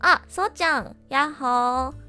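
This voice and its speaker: A woman's voice: sits high, slow pace, sharp tone, soft background music. A young adult woman voice actress chatting casually on a live stream, bubbly and giggly, gushing with enthusiasm.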